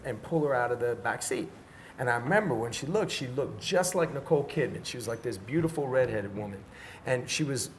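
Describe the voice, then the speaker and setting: A man's voice: medium pitch, slight background noise. A middle-aged man from Washington, D.C., a podcast guest telling a long story in casual, profane talk and acting out the dialogue. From Washington, D.C., USA. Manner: animated, profane storyteller who acts out dialogue.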